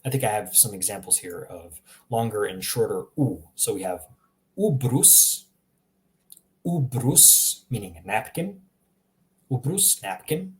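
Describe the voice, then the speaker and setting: A man's voice: lowish voice, lively intonation, measured pace. A man teaching pronunciation in a live online lesson, patiently repeating each word and answering viewers. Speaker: language teacher.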